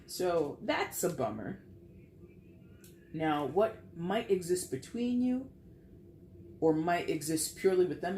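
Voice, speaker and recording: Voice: mid-range voice, darkish tone, roomy sound, a little hiss or hum. A tarot reader giving a casual, rambling reading, full of fillers and blunt, salty language.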